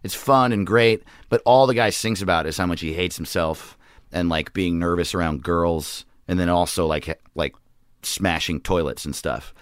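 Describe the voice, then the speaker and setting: A man's voice: deep voice, normal speed, clean tone, dry recording, studio quality. A young man, a comedian, chatting casually on a podcast, laughing often and acting out quotes. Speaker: comedian guest. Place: garage studio.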